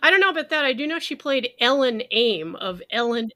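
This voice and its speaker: A woman podcast host with a bright, slightly high voice. She talks in a brisk, sardonic way and swears freely in casual chat. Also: animated.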